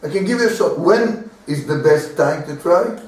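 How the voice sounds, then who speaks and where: Animated rabbi man in an echoey room. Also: a little high, normal speed, recorded from a distance. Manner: animated, repeats words, acts out little dialogues with laughs. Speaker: rabbi teaching a class. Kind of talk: informal Torah lesson.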